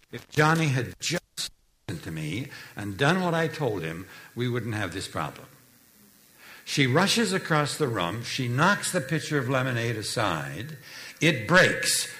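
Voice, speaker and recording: A male preacher telling a family story to explain a doctrine, dropping his voice low and soft for the tender moments. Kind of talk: sermon storytelling.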